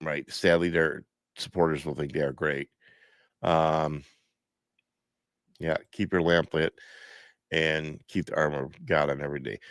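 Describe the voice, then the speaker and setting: A man's voice: a bass voice, fairly bright tone, dry recording. A man hosting a live stream from home, stuffed up, talking in a preachy, repetitive way and reading viewer comments aloud.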